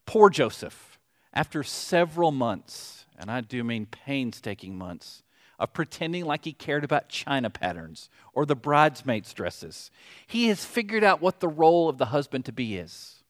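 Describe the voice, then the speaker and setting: A middle-aged man with a Southern accent preaching a sermon, telling a story in an animated way with joking asides. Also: mid-range voice, measured pace. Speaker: pastor.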